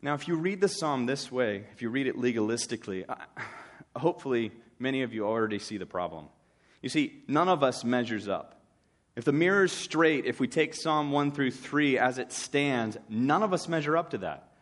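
Male preacher, relaxed sermon delivery, wry humor, mid-range voice. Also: mid-range voice, normal speed. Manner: conversational, wry storytelling with acted asides.

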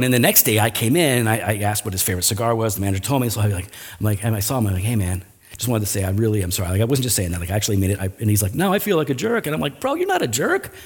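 A man's voice: fairly high pitch, a bit bright. A male pastor giving a conversational sermon, telling a personal story with casual asides.

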